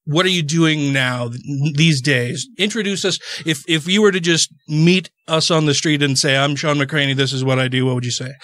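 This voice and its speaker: A man's voice: fairly high pitch, steady tone, normal speed, hardly any pauses, a bit bright, no room sound. A man co-hosting a podcast from a studio, eagerly asking a guest questions in a casual, chatty way. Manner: eager, chatty, restarts sentences. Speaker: podcast co-host.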